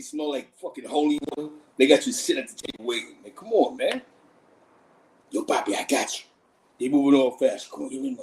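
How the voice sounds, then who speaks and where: A livestream host from Harlem, New York, with a medium-pitched voice tells street stories in a casual, animated way. He talks in slang and laughs often, and the recording quality is low.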